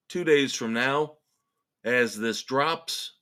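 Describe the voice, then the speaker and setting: A man's voice: medium pitch, drawn-out words, sharp tone. A man hosting a music podcast, ranting in a sarcastic, exasperated and emphatic way. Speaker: podcast host. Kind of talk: opinionated solo rant.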